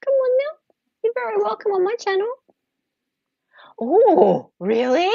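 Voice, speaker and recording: A woman putting on a breathy, sultry temptress voice. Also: very high voice, huge pitch swings, measured pace, mellow, no echo, dull audio, voice pushed up, exaggerated voice. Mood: seductive. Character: a sultry, teasing woman luring a viewer.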